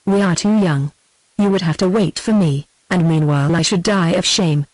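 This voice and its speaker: A synthetic woman's voice with a British accent reading the lines of a distraught young peasant girl in an even, plain manner. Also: fairly low pitch, moderate pace, no echo, lightly acted, rough recording.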